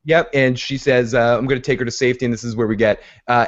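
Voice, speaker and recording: A man's voice: medium pitch, steady tone, fairly quick. A man hosting a casual TV recap podcast who retells scenes by acting out the characters' lines. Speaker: podcast host. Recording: dull lo-fi podcast audio.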